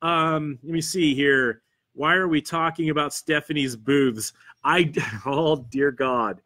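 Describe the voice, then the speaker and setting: Bright-voiced Pennsylvania man hosting solo. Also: fairly high pitch, slow. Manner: rambling and self-deprecating, with frequent fillers and restarts. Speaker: convention podcast host. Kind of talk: solo livestream chat reading viewer comments. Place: studio.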